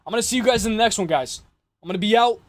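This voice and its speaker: A young man with a high, slightly worn voice hosts a loose livestream, talking to his chat in slangy, rambling bursts and calling everyone "guys". He speaks close to the mic in a dry, dead room with no echo. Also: rapid-fire. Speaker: livestream host.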